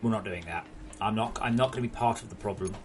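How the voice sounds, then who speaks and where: A man's voice: fairly low pitch, quick pace, a little hiss or hum. A young English man chatting casually while streaming a game at home, joking and swearing freely. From England. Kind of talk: casual live-stream chat.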